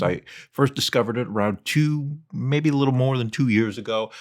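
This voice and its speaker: A man in casual comedic commentary, his pitch swooping in big arcs as he mocks a sing-song script-reading voice. He sounds playful and teasing, and he overdoes the rise and fall of each phrase on purpose. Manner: mocking, playful. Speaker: video commentator.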